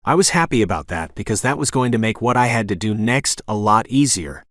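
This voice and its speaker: A man narrating a romance audiobook in first person, with a gruff, dramatic delivery. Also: fairly low pitch, lively intonation, a little fast, hardly any pauses, a bit bright, no echo, clean studio sound.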